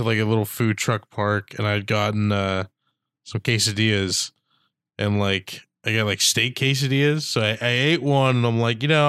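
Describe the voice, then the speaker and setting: A man's voice: on the low side, a bit bright, smooth, dry recording, clean studio sound. A young man in casual chat who tells stories and jokes crudely, with lots of fillers. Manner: crude joking, filler-heavy.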